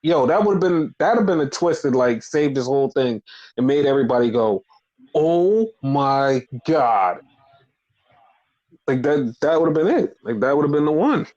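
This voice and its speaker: A man talks casually as a podcast co-host, his pitch swinging widely and sitting fairly high. He swears freely and acts out quoted lines in exaggerated mocking voices. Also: lively intonation, quick pace, darkish tone, lo-fi sound. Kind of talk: casual chat.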